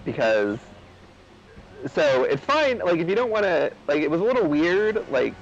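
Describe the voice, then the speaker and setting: A man's voice: on the high side, sing-song, moderate pace, lo-fi sound. A man chatting casually over gameplay, rambling with lots of fillers and restarts. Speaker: co-host of a gaming video.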